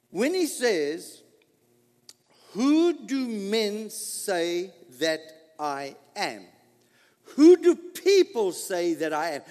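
High lively preaching man in a hall. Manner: dramatic preaching with rhetorical questions and voiced dialogue. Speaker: pastor. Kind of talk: sermon.

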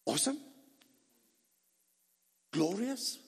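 High, lively man preaching with long pauses. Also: vocal fry, breathy edge, in a large hall. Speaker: pastor. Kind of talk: sermon.

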